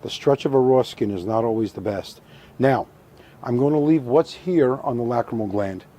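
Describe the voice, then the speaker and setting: A middle-aged man calmly demonstrating a hands-on craft step by step, methodical and repetitive with a touch of dry humor. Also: medium pitch, normal speed, a little hiss or hum. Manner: calm, methodical, repeats instructions, dry humor. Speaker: taxidermy instructor.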